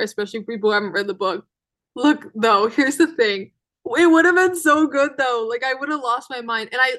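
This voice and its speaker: A woman hosting a solo podcast recap, talking in a chatty, excitable way with lots of fillers. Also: a little high. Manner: chatty and excitable, many fillers, frequent laughs. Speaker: podcast host.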